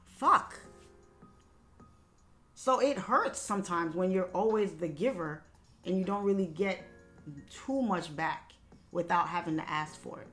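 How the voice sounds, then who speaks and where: A young woman livestream host telling a personal family story in casual talk, candid and emphatic, swearing freely. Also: on the low side. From Haitian family background.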